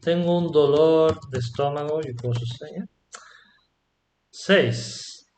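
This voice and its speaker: A man teaching a casual online language lesson in a relaxed way, often prompting with short checks and murmured approvals. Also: fairly high pitch, unhurried, reverberant. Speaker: Spanish teacher.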